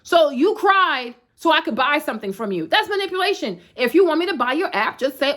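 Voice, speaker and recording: A woman's voice: high voice, very animated, brisk, few pauses, a bit bright. A young woman fitness influencer giving a blunt, slangy rant straight to camera, tagging her points with "right?". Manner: emphatic, repeats "right?" tags, slangy and sassy.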